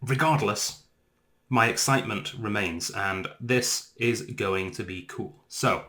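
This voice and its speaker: A man with an English accent, hosting a casual whisky tasting vlog in an excitable, enthusiastic way. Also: lowish voice, takes it slowly. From England. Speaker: whisky reviewer.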